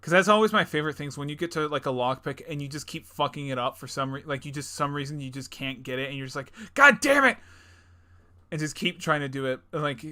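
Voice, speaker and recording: A young man co-hosting a casual gaming podcast, rambling with lots of fillers, laughing often and acting out game characters in quick bursts. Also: fairly high pitch, bright, forceful tone. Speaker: podcast co-host. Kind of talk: casual chat.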